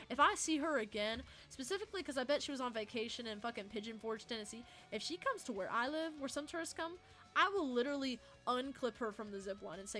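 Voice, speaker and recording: A young woman, streaming and telling a story in a profane, animated, dramatic rant. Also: a little high, quick pace, soft background music.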